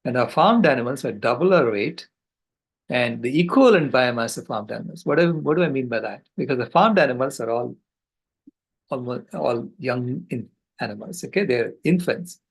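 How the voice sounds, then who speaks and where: An older man on a video call, giving a passionate, earnest storytelling talk with halting restarts. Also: medium pitch, lively intonation, gravelly, husky, poor audio. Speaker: conference speaker.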